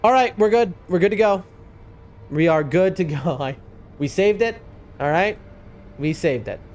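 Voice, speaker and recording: Lively, chatty male game streamer. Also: sits high, moderate pace, slight background noise. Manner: rambling, excitable, chatting with viewers. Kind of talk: casual live-stream chat.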